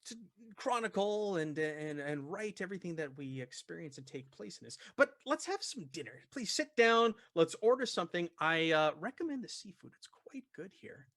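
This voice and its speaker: In a heavily acted performance, a man voices a courteous male expedition leader with a Kenyan English accent who stumbles and repeats words. The voice is high-pitched and pitched above his own, a bit bright, with big pitch swings at normal speed, recorded dry in studio quality.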